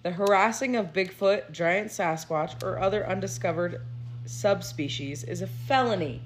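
A woman's voice: on the low side, normal speed, slight background noise. A woman co-hosting a podcast, reading items aloud in a casual chat and laughing along with her co-hosts. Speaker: podcast co-host presenting the segment.

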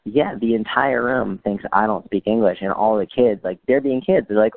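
A man's voice: on the low side, moderate pace, hardly any pauses, dry recording. A man chatting as a guest, telling funny stories with dry humor and acting out what people said. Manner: dry humor, quotes people in lively voices. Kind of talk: casual storytelling chat. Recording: dry phone-like audio.

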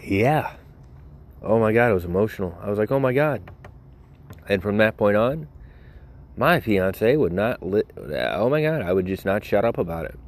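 Young guy with a real low voice, joking around, rambling and cutting himself off a lot. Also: normal speed, slight background noise. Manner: animated, joking, self-interrupting storyteller. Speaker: podcast host. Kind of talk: casual rambling monologue.

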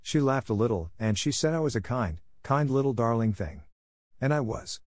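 A man's voice: fairly low pitch, big pitch swings, normal speed, warm tone, dry recording, clean studio sound. A man voicing a kind, earnest little boy in a storybook reading, speaking insistently. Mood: firm.

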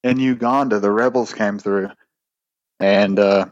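A man's voice: lowish voice, steady tone, unhurried, no echo, dull audio. A man co-hosting a podcast, telling a long story in a rambling, casual way with lots of swearing and restarts. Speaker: podcast co-host.

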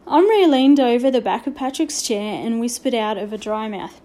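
A woman reads a children's story aloud with measured, expressive narration. Her voice sits slightly high and sounds mellow and rounded. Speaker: audiobook reader.

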